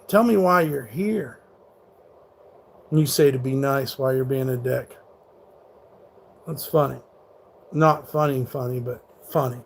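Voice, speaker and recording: A man's voice: medium pitch, slight background noise. A man in his thirties hosting a live stream, reading chat aloud and arguing with hecklers, blunt and full of swearing. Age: 30s. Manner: combative, profane, rants back at hecklers. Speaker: livestreamer.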